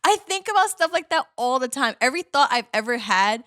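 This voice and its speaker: A woman's voice: sits high, very animated, fairly quick, sharp tone. A woman hosting a podcast in casual chat, rambling off on tangents and giggling. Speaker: podcast host.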